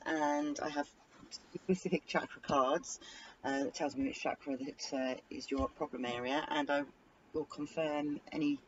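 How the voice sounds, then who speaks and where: A man's voice: a little high, dull audio, slight background noise. An older man who works as a Reiki practitioner, chatting easily and agreeing in short replies. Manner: easygoing, brief agreeing replies. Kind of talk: casual tarot reading chat.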